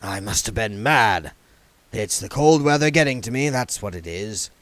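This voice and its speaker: A man voicing a shifty, mournful middle-aged hustler who talks slowly in a low mumble, reading a storybook. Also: animated, a bit bright, no room sound. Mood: glum.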